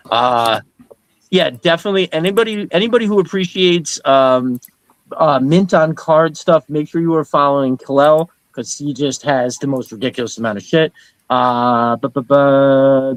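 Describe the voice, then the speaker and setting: A man's voice: a little high, no echo, low-quality recording. A middle-aged man hosting a live stream in casual, rambling chat. He reads out viewer comments and greets each viewer as brother. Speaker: host of a live stream show.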